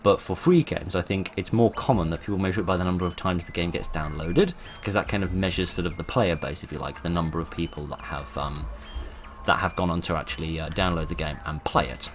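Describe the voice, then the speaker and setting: A man's voice: low voice, brisk, faint music behind. A man hosting his channel, talking informally and thoughtfully, with many fillers and restarts. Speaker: channel host.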